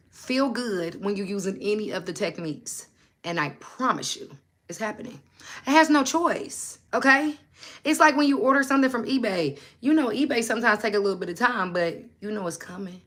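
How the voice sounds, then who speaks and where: Bright-voiced animated woman giving a pep talk. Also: medium pitch. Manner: animated, preachy, slangy, asks viewers direct questions. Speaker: motivational livestream host. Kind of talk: casual livestream talk.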